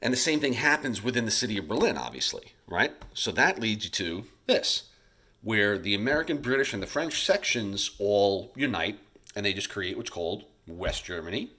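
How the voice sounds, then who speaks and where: Man, history teacher, low-pitched voice, casual recorded lesson, chatty, talks to his students. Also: sing-song, moderate pace, sharp tone. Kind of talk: recorded history lecture over slides. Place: home, recording alone during school shutdown.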